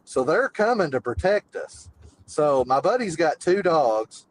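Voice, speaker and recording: A man with a drawl rambles through a story as a caller, full of "like" and "uh." His voice sits a little high. A faint hiss runs under the line. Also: big pitch swings, measured pace, rough recording. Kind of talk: casual storytelling.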